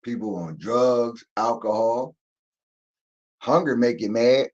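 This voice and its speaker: A man's voice: medium pitch, takes it slowly, darkish tone, lo-fi sound. A man hosting a livestream, ranting emphatically with swearing and speaking straight to his viewers. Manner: emphatic, profane, addresses viewers directly. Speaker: livestream host. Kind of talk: casual commentary rant.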